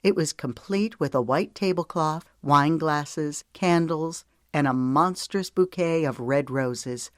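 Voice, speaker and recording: An audiobook narrator reading a romance novel in an even, gentle storytelling manner. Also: mid-range voice, takes it slowly, hardly any pauses, dry recording, studio quality. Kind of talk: scripted narration.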